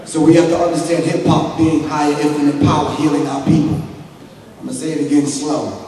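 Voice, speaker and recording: A man's voice: fairly high pitch, flat delivery, brisk, mellow. A man from Long Island, New York, giving a public lecture in a preacherly way that builds to emphatic, rising delivery. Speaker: speaker at an event. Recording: echoey hall, distant mic, faint noise.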